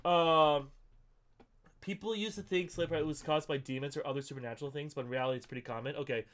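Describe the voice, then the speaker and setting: A man's voice: on the high side, steady tone, quick pace, fairly bright tone. A man hosting a podcast in casual chat, loose and chatty, swearing freely. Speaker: podcast host.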